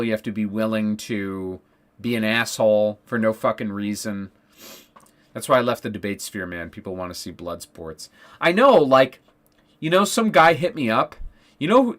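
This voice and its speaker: A man's voice: medium pitch, fairly bright tone. A young adult man in a casual livestream rant, rambling, restarting his sentences and swearing as he talks politics with his chat. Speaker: political streamer.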